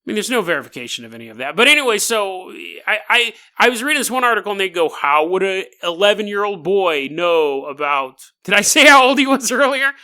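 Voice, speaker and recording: Sarcastic high-voiced male podcast host. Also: lively intonation, racing, hardly any pauses, pushed and bright. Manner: sarcastic, joking, laughs often. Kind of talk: comedic storytelling podcast.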